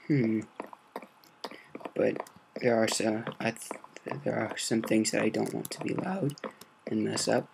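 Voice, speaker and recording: A man hosting a game let's-play, talking in a hushed, low-key and rambling way, with a slight sore throat. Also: fairly even intonation, slow pace, vocal fry, pauses often, background noise. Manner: quiet, low-key, meandering. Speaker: gaming video host.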